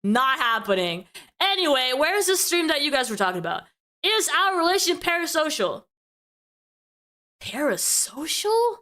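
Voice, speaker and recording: A woman with a high, bright voice talks through her views in casual commentary. She keeps a chatty flow and checks in with her listeners by tagging questions onto her points. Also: very animated, moderate pace. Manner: talkative, tag questions like "right?". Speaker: streamer reacting to clips.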